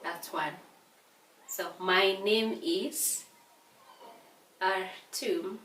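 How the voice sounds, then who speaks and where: A tired woman from Kenya teaching an English revision lesson, speaking slowly and repeating words to stress their syllables. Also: mid-range voice, fairly even intonation, fairly bright tone. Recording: echoey room from a distance, faint hiss.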